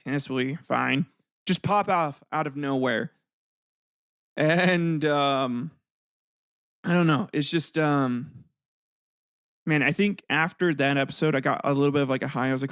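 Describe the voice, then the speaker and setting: A gravelly-voiced young man hosts his own podcast, talking in a loose, rambling way with plenty of ums and little laughs. The sound is close and dry, with no room echo. His pitch sits at an ordinary middle height. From United States. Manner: rambling, loose, full of fillers and chuckles. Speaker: podcast host. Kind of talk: casual solo podcast chat.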